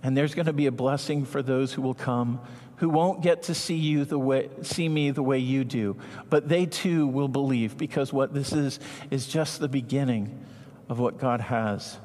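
A man voicing a gentle, patient risen teacher in a sermon, softer, lower and slower than his preaching voice. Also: lightly acted. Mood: tender. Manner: soft, slow and hushed. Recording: long hall reverb.

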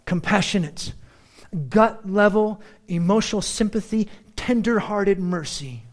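A man with a high-pitched voice delivers a sermon. He slows right down to lean on key words, then rushes through quick, animated asides. He sounds middle-aged. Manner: animated, shifts between slow emphatic phrasing and quick asides. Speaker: pastor.

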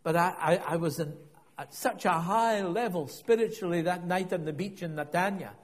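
A man's voice: sits high, moderate pace, in a large hall. A middle-aged man preaching a sermon, telling a personal story in a reflective way and often repeating and restarting his words.

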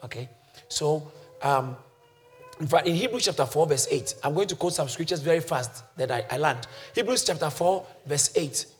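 A male pastor preaching a sermon, swinging from quiet teaching to shouted calls that the congregation answers. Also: on the high side, moderate pace. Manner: congregation shouts back responses.

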